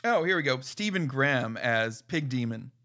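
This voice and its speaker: A man's voice: mid-range voice, animated, normal speed, pushed and bright. A man co-hosting a casual film review chat, sarcastic and profane, mocking with impressions. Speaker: podcast co-host reviewing a film.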